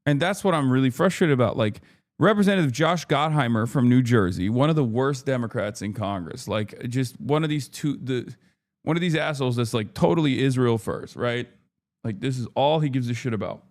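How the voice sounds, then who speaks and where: A streamer reacting to the news rants in livestream commentary, exasperated and profane, repeating himself for emphasis. His voice is medium-pitched and brisk.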